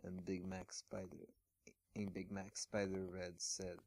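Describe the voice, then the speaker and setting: A man reads fan fiction aloud in a casual, amused way, chuckling and stumbling over his words. His voice is low and his pace very slow. The sound is dry and close, as from a mic at home. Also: completely flat delivery, darkish tone, no room sound.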